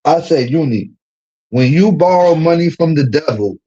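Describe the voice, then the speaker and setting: A man holds forth in a slangy livestream rant, animated and quick to laugh. His voice sits a bit high and carries a husky, breathy edge. He mocks people by putting on their voices mid-story. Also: lo-fi sound. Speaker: streamer.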